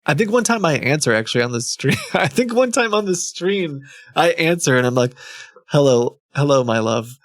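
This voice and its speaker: A man's voice: fairly high pitch, very animated, a little fast, a bit bright, no room sound. A man streaming live, reading scam emails aloud with amused, chuckling, rambling asides. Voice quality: creaky.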